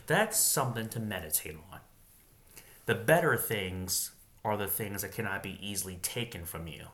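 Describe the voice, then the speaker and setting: Guy reading the bible out loud, kinda low voice, stops to think out loud and laughs to himself. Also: animated, normal speed. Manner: musing, chuckles often, reads aloud then comments.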